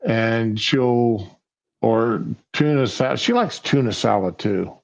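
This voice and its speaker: A man's voice: medium pitch, vocal fry. Hesitant man, slightly muffled sound. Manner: hesitant, halting, many fillers. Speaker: co-host. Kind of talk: casual chat.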